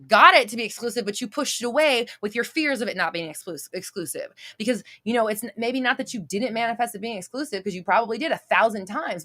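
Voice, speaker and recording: A woman's voice: mid-range voice, sharp tone. A woman hosting a live-stream Q&A as a manifestation coach, blunt and emphatic, repeating her points and swearing casually. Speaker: manifestation coach answering viewer questions.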